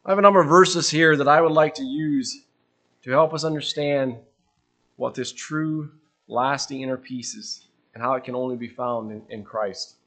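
A man preaching a sermon, earnest and questioning, letting his voice drop softly at the ends of phrases. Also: medium pitch, moderate pace.

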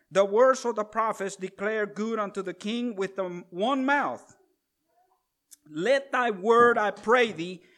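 A man's voice: high voice, fairly bright tone. A man preaching a sermon, reading a scripture passage aloud and breaking off for asides to the congregation, drawing out stressed words. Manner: reads scripture aloud then adds asides, drawn-out stresses.

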